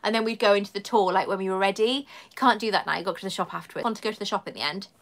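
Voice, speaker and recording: A woman from the London area, with a southern English accent, hosts a casual live stream from home. She chats in a rambling way and reads viewer comments aloud. Her voice is medium-pitched and her delivery rapid-fire.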